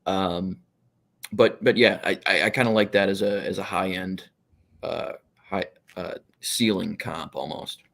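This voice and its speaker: A man's voice: sits low, steady tone, measured pace, creaky, fairly bright tone. A man co-hosting a casual sports podcast who hesitates a lot, with many ums and restarts as he makes his points.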